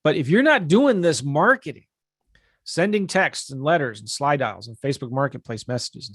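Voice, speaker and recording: A man's voice: on the high side, moderate pace, no echo, clean studio sound. A man teaching real estate investing on a live webinar, talking casually and energetically while he shares his screen. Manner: casual, energetic, talks straight to viewers.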